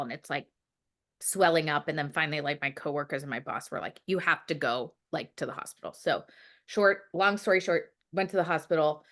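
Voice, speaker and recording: A woman's voice: on the low side, pushed and bright. A woman telling a personal story in a casual interview, rambling with many fillers and acting out her own past words. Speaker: guest.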